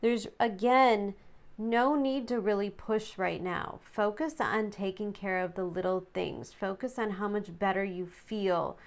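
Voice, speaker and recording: Smooth-voiced woman giving a tarot reading. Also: medium pitch, measured pace. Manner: chatty, reads card texts aloud, some stumbles. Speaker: tarot reader. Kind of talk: casual tarot reading to viewers.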